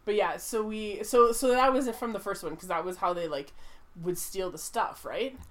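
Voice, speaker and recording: A woman's voice: medium pitch, normal speed. Rambling, enthusiastic woman talking films. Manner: rambling, filler-heavy, enthusiastic. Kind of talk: casual movie chat.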